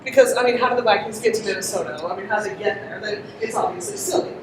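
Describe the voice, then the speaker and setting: Talking fast in a sing-song, mid-range voice, a woman presenter engages a live conference audience with an interactive story, laughing frequently and putting questions to the crowd. The audio is noisy, echoey, and picked up from a distant mic.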